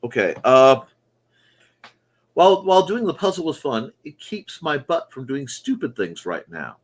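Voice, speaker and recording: Man, chat show host, goofy jokey delivery, unhurried pace, bouncy pitch. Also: sing-song. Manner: goofy, jokey, mock-announcer asides. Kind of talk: casual live chat reading comments.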